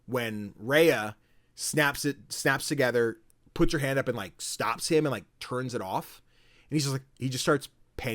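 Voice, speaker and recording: Animated storytelling man, dry mic. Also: medium pitch, normal speed, no room sound. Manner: animated storytelling, acts out quotes, swears casually. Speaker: podcast co-host. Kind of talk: casual chat.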